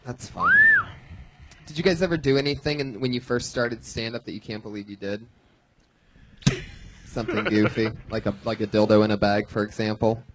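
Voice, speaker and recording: A man's voice: lowish voice, fairly even intonation, heavy background noise. A man hosting a live comedy podcast, bantering with guests and introducing comedians. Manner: quick, jokey banter and introductions. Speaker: host.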